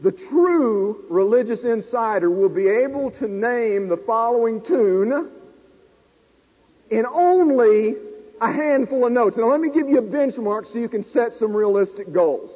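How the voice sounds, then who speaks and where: A man in his forties preaching a sermon, an animated storyteller who pokes fun at himself in front of a live congregation. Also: extremely high pitch, husky. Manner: animated, self-deprecating storyteller talking to a live audience. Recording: tinny lo-fi recording in a reverberant hall.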